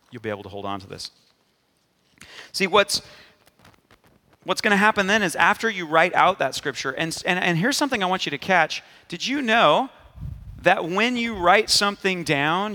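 Gravelly man preaching in a reverberant hall. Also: fairly high pitch, sharp tone. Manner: emphatic preaching, repeated 'amen?' to the congregation. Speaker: pastor. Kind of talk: sermon.

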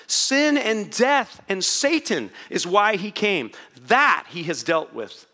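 Animated, bright-voiced male preacher. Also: sits high. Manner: animated, joking preacher with playful asides to the congregation. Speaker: pastor. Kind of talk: sermon.

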